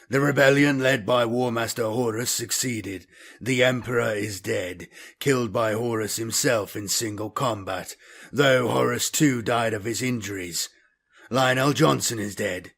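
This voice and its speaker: A man reading as a cold, measured traitor captain. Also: gravelly, breathy edge, heavily acted. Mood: measured, grave. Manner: slow, measured, low and quiet delivery.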